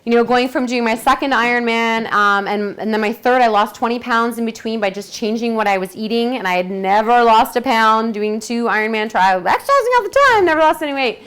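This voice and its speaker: A woman's voice: fairly high pitch, fairly quick, hardly any pauses, a bit bright, clear, resonant tone. A woman presenting a detox program to a group, talking chattily and enthusiastically and acting out her own quotes.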